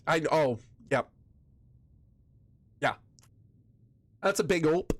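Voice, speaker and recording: A man's voice: a little high, expressive, slow pace, no echo. A man from West Michigan with a Michigan accent, chatting casually with his viewers while streaming a game, rambling and often restarting his sentences. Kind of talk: casual chat while gaming.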